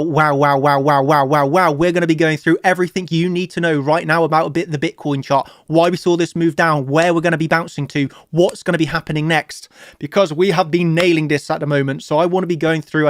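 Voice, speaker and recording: Hyped high-voiced streamer. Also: male voice, no echo, studio quality. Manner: hyped, emotional, repeats words, laughs often. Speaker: crypto trading streamer. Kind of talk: excited live stream chart talk.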